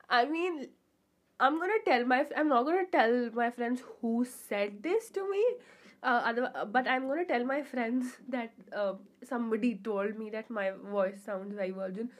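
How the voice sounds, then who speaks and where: A woman's voice: fairly high pitch, measured pace. A young adult woman hosting a casual solo podcast, rambling and chatty with lots of fillers and giggly asides, in a pure-sounding voice. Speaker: podcast host.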